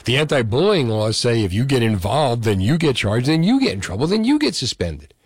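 A man's voice: mid-range voice, very animated, a little fast, husky, no echo, studio quality. A male radio talk show host, delivering an indignant call-in monologue full of rhetorical questions.

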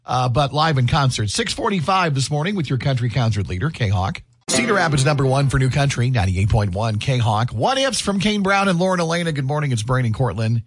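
A man's voice: mid-range voice, brisk, slightly rough. A middle-aged man, co-hosting a morning radio show and telling stories in casual banter. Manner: chatty storyteller, animated, laughs easily.

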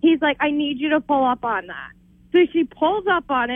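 A woman's voice: high-pitched, lively intonation, moderate pace, no room sound. A woman calling into a radio show to tell jokes, giggling through them. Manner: giggly, laughs through her own jokes. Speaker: radio caller. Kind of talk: phone-in joke telling. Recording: tinny phone line.

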